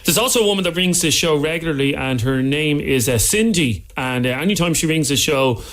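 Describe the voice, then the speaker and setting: A man's voice: on the high side, expressive, fairly quick, fairly bright tone. An Irish man co-hosting a radio phone-in, bantering and telling cheeky stories at a studio mic. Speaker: radio co-host.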